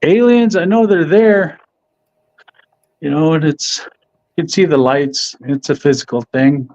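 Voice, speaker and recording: A middle-aged man, a professional boxer, answers interview questions in a relaxed, halting way with frequent restarts. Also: fairly high pitch. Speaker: professional boxer, podcast guest. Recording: dull, dry audio.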